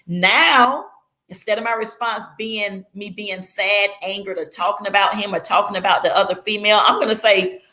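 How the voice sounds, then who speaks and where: A woman's voice: mid-range voice, normal speed, fairly bright tone. Casual woman vlogger; conversational, rambling delivery with fillers and restarts. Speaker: Christian vlogger. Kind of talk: casual explanatory vlog.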